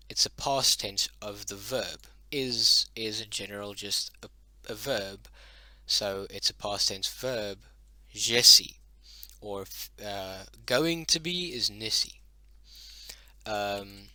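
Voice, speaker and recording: A young man casually explaining a language as a hobby lesson, halting often with fillers and correcting himself as he goes. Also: lowish voice, bright, forceful tone, no room sound. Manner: halting, many fillers and self-corrections, mutters "oh, damn".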